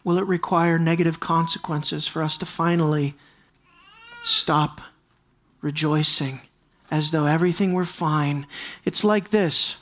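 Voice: mid-range voice, fairly even intonation, unhurried, long pauses, fairly bright tone. Emphatic preacher asking pointed questions. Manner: emphatic, repeats key lines, asks the listeners questions. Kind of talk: expository sermon.

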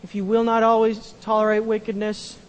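A pastor preaching a sermon, repeating key phrases and swinging from loud emphasis to a hushed tone. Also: male voice, high voice, completely flat delivery, fairly quick, clean tone, in a large hall, lo-fi sound.

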